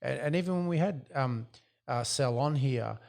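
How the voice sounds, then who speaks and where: A man co-hosting a podcast, speaking in a reflective, conversational way. He works through his points with personal stories and acts out quoted exchanges along the way. His pitch sits in an ordinary middle range. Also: moderate pace, vocal fry, darkish tone. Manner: reflective, tells anecdotes with quoted dialogue. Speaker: podcast co-host. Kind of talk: casual business podcast chat.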